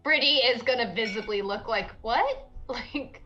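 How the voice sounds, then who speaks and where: A woman playing in a streamed tabletop game, giggly and animated. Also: fairly high pitch, normal speed, lo-fi sound, soft background music. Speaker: player. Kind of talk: casual tabletop play.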